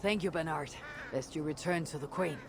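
An actress voicing a tough Viking woman warrior in video game dialogue, steady and blunt. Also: deep voice, fairly quick, slight background noise. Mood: firm. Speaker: game protagonist. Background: game music.

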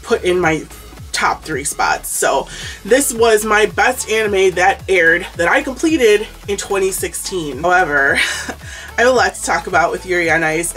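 A woman's voice: fairly low pitch, a bit bright. Chatty giggly woman vlogger, distant mic. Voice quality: chatty, giggly, quick asides. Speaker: anime vlogger host. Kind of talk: casual countdown commentary vlog. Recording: distant mic with background music.

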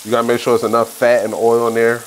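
A man at a cooking contest, talking in an animated, teasing way. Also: mid-range voice, quick pace, a little hiss or hum, poor audio. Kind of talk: casual chat.

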